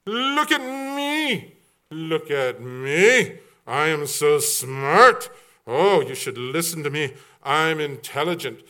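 A man voicing a conceited braggart who smugly boasts of his own brains, in a drawn-out, showy way. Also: a little high, sing-song, bright, forceful tone, exaggerated voice. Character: boastful conceited man, self-proclaimed genius.

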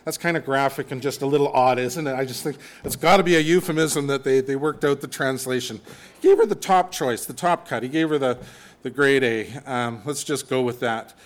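A man preaching a sermon in a conversational, animated way, with humorous asides. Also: medium pitch, brisk.

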